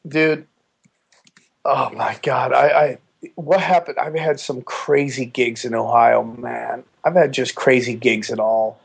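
A comedian telling a story in casual chat, animated and profane, acting out the people in it. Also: male voice, mid-range voice, slow, creaky, husky. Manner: animated, profane, acts out the voices in his stories. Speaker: stand-up comedian, guest.

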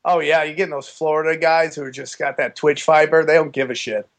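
A comedian telling a story in casual chat, animated and profane, acting out the people in it. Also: male voice, fairly high pitch, fairly quick, creaky. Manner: animated, profane, acts out the voices in his stories. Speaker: stand-up comedian, guest.

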